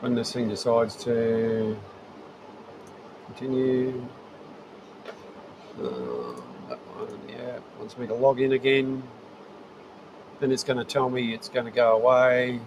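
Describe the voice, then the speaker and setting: Broadcasting casually from his shed at home, a middle-aged Aussie hosts a spontaneous livestream, talking at a medium pitch while tinkering with his equipment. He speaks slowly, pausing often, and wanders along with lots of fillers and restarts over a faint background hum.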